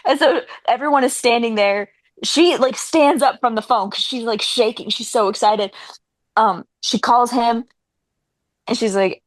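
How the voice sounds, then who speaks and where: A woman's voice: on the high side, normal speed, no room sound. A young woman co-hosting a casual chat, retelling a film's plot and acting out the characters' lines. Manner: animated, acts out characters' lines.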